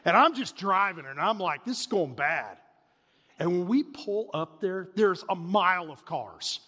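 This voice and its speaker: A man in his forties preaching a sermon, telling a family story in an animated way that swings between loud bursts and hushed asides. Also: sits high, moderate pace. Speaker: pastor. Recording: reverberant hall.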